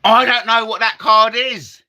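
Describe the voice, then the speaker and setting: A man's voice: extremely high pitch, fairly even intonation, a little slow, sharp tone. A man doing comic card-trick patter as a magician, self-mocking and chatty with the audience. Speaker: comedy magician.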